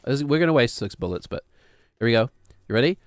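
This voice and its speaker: A man's voice: medium pitch, expressive, quick pace, no room sound, clean studio sound. A man streaming a video game, rambling and joking offhandedly as he plays. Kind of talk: gaming stream commentary.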